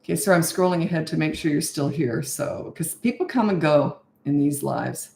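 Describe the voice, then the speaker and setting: A woman's voice: sits low, lively intonation, normal speed, vocal fry, a little mellow, roomy sound. A middle-aged woman coaching parents in a live Q&A, giving blunt, no-nonsense advice with rhetorical questions. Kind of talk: live Q&A, answering viewer questions.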